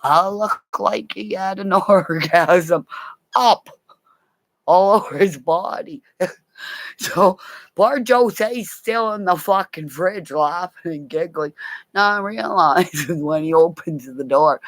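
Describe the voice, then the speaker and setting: A middle-aged woman with a rough, gravelly voice tells salty personal stories, swearing freely and breaking into laughter. She talks slowly, drawing each beat out. Her voice sounds close and dry, with no room around it. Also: low voice, dry recording. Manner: animated, swears a lot, laughs mid-story. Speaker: storyteller. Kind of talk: casual profane anecdote telling.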